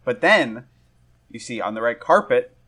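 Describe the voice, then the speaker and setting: A man's voice: medium pitch, sing-song, unhurried, bright, forceful tone. Young man eagerly sharing gossip. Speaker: podcast co-host. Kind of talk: casual chat.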